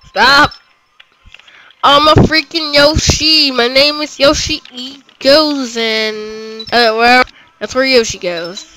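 Male gamer, high bright voice, unhurried, excitable and frustrated with the game. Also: slight background noise, low-quality recording. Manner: excitable, groans and yells at the game. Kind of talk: let's play commentary.

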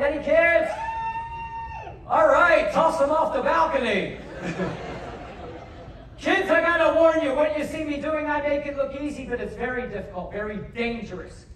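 A man doing comedy patter from a stage, joking with the crowd and urging it to cheer. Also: very high-pitched. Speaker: variety performer. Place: large cruise ship theater. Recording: echoey theater filmed from far off. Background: audience noise.

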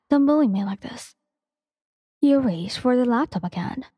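A woman's voice: on the high side, mellow, husky, no room sound, studio quality, in a large hall. A woman reading fan fiction aloud in a casual, slangy way with playful cursing.

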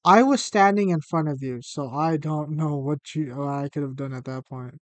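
Young man, boyfriend, casual gaming chat, teasing, jokey, slightly high voice, dry close sound. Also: moderate pace, no room sound. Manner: teasing, joking. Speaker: streamer's boyfriend.

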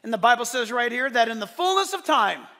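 A man preaching a sermon to his church, animated and swinging from loud declarations to soft, joking asides. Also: very high voice, fairly quick, in a large hall. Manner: playful, joking asides to the congregation. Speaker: pastor. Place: church service.

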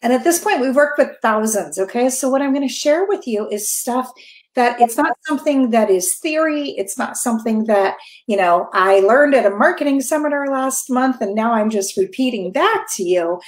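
A middle-aged woman with a fairly high voice coaches listeners on marketing. She talks in an upbeat, direct way and keeps checking in with them. Her voice echoes around a roomy space. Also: expressive, normal speed. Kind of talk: presenting on a business webinar. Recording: roomy echo.

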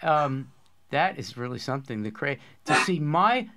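A man's voice: mid-range voice, animated, normal speed, background noise. A man hosting a poetry course discussion, explaining ideas with eager enthusiasm in a casual academic way.

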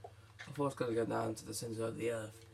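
A man hosting a let's play, chatting to viewers and his pet and exclaiming excitedly at what happens in the game. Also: lowish voice, fast talker, vocal fry, a crowd in the background. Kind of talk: gaming commentary.

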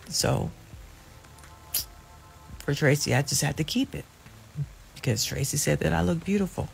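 Gravelly-voiced woman chatting to viewers. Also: deep voice, a little slow, long pauses, faint music behind. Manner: chatty and playful, addresses viewers directly, laughs often. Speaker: channel host. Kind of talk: casual chat to viewers.

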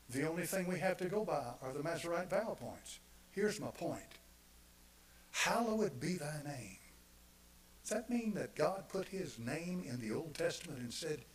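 A male pastor preaching a sermon, repeating phrases for emphasis and swinging from quiet asides to loud, emphatic declarations. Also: mid-range voice, slight background noise, low-quality recording.

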